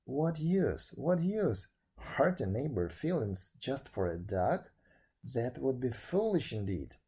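A man voicing a calm, kindly man who forgives easily and laughs heartily, in a storybook reading. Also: mid-range voice, takes it slowly, husky, heavily acted. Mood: forgiving.

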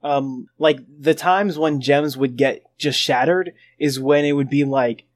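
A man's voice: fairly high pitch, measured pace, dry recording. A laid-back young man chatting casually on a podcast, filling his talk with "like". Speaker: podcast co-host. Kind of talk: casual chat.

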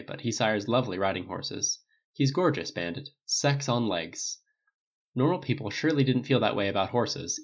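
A man narrating a novel aloud, lifting his voice slightly for each character's dialogue. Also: dull audio. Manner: reads all characters with small pitch lifts in dialogue. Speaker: audiobook narrator. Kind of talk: scripted narration.

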